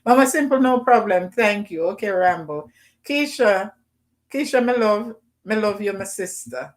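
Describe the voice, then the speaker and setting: A middle-aged woman with a Jamaican accent, hosting a casual livestream and shouting out names from the chat. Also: mid-range voice, lively intonation, normal speed. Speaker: livestream host. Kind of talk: casual live chat with viewers.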